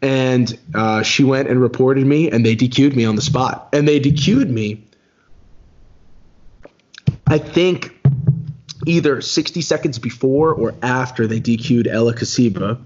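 A man, a podcast guest, telling a race story in a casual, animated way that climbs high when he recalls being angry. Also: measured pace, long pauses, dull audio. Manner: animated, rises sharply when recounting anger.

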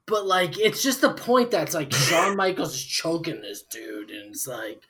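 Tipsy guy in his 40s telling a wild story, swears a lot, voice bouncing all over, bright and sharp. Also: on the high side, a little slow. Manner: profane, animated storytelling with lots of fillers. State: tipsy from drinking. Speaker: podcast guest. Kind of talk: casual storytelling.

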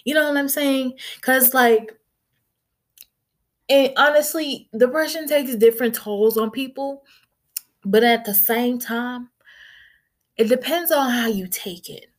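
Brief: young woman, slightly high voice, candid and earnest vlog talk, loose and conversational. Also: slow pace, long pauses. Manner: earnest, conversational, frequent filler phrases. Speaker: vlogger.

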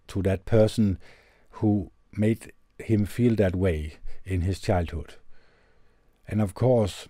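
Guy reading a heartfelt letter on his podcast, low voice, super mellow, dry close sound. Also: no room sound. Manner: earnest, measured, gentle delivery. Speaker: podcast host. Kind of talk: reading a letter aloud, then reflective commentary. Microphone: tube condenser studio mic.

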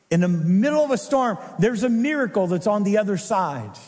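A man with a high-pitched voice delivers a sermon as pastor. He preaches dramatically, moving between loud emphasis and hushed intensity. The sound rings with a long church-hall reverb. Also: sing-song, normal speed.

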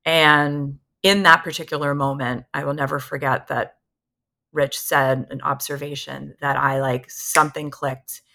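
Woman guest, 30s, low voice with a bright, forceful edge, candid animated storyteller. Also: measured pace, vocal fry. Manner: candid, animated retelling that acts out what others said. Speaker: podcast guest. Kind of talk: personal storytelling in a conversation.

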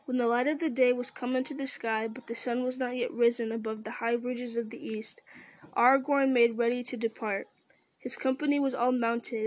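A woman reading a fantasy novel aloud in a steady, even manner. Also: fairly high pitch, no echo. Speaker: reader.

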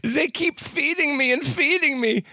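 Man voicing a shrill, sheepish German guy, mock accent, dry close sound. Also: a little slow, bright, forceful tone, no room sound, heavily acted. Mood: whiny, mortified. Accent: put-on German. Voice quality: high-pitched put-on voice. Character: ashamed young German male captive, squeaky.

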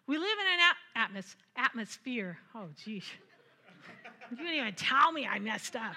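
A woman with a very bright, slightly high voice delivers an animated, conversational sermon. She retells scripture with playful asides and laughs often along the way. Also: moderate pace. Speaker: preacher.

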